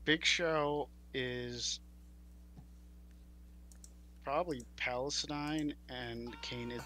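A man's voice: mid-range voice, steady tone, very slow, bright, forceful tone. A young man co-hosting a casual podcast, ranting in exasperation and stammering when worked up. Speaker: podcast co-host.

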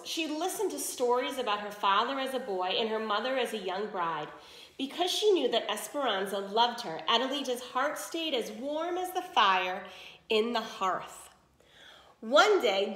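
A woman reading a picture book aloud slowly and expressively, mixing in Spanish phrases. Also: on the high side, big pitch swings, fairly bright tone. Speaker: read-aloud storyteller. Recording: echoey room.

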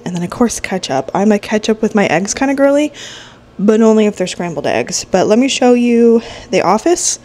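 A woman's voice: mid-range voice, darkish tone. A young woman vlogging at home in a casual, rambling chat, sleepy and a bit nasal from allergies. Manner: chatty, rambling, lots of fillers. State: sleepy, yawning. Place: home kitchen and office. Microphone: handheld vlog camera.

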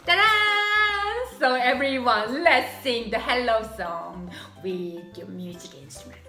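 A woman's voice: a little high, steady tone, a little slow, fairly bright tone, roomy sound. A woman leading a preschool art and music circle time, exclaiming and sing-song as she plays with puppets for young children.

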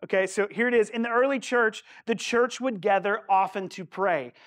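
A man's voice: high-pitched, normal speed, a bit bright. A male pastor preaching a sermon in a church sanctuary, earnest and conversational, often turning to the congregation with asides.

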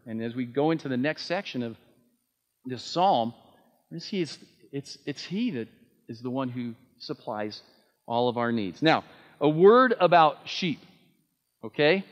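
A man's voice: mid-range voice, in a large hall, muffled recording. A man preaching a sermon, earnest and emphatic, with frequent fillers and restarts. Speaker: pastor.

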